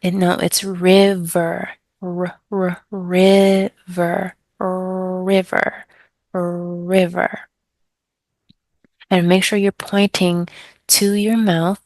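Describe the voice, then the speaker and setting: A woman ESL tutor talking through a trial lesson at an unhurried, deliberate pace, carefully over-enunciating example words. Her voice sits slightly low, recorded close and dry with no room sound. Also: dry recording. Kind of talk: teaching tips, modeling pronunciation.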